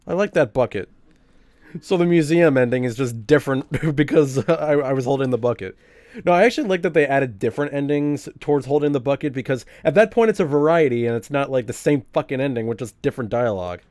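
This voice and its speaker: A man's voice: medium pitch, quick pace, darkish tone, no echo. A young man casually commenting on a game during a live stream, chatty and swearing often. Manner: chatty, profane, laughing often.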